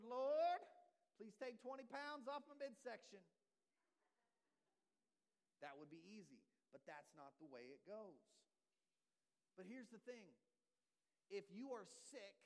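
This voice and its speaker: Joking, conversational man preaching a sermon. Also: poor audio. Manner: conversational preaching with jokes, drops to a soft low voice for emphasis. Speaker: pastor.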